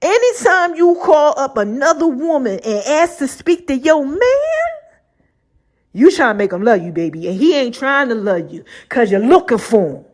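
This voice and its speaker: A woman's voice: high voice, normal speed. Laughing, chatty woman podcast host. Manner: laughs often, animated slangy asides. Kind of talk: casual storytelling monologue.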